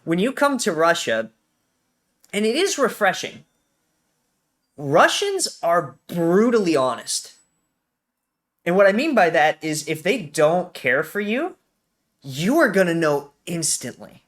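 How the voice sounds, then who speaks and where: An American man with a fairly high voice for his sex, telling stories in a lively, animated way. He laughs easily and speaks casually, as a guest chatting at length. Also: takes it slowly, long pauses. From Colorado, USA. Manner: animated storytelling, laughs often. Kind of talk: casual conversation.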